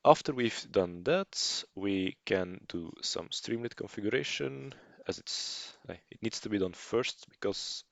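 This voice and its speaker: Low gravelly man explaining code. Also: animated, a little slow, few pauses, dry recording. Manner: casual, unscripted explaining with fillers and restarts. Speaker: programming tutor. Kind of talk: screencast coding tutorial narration.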